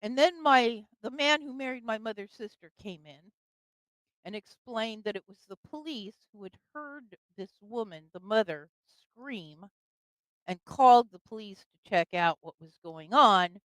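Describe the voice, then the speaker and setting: A woman's voice: on the high side, measured pace, a bit bright, no room sound, low-quality recording. An older woman telling a personal story in casual conversation, with fillers and laughs. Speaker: guest storyteller.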